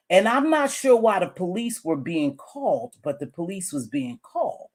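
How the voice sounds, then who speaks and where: A woman with a fairly low voice talks through online drama in a loose, chatty monologue, musing aloud and circling back to repeat her points. She chews gum while she speaks, which lends her informal delivery a relaxed, unhurried feel. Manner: chewing gum while talking. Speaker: YouTube commentator. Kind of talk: casual commentary monologue.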